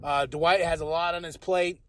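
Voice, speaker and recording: A man hosting a podcast, giving a casual, rambling, profane recap of a TV episode, with loud bursts when excited. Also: a little high, normal speed. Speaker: podcast host.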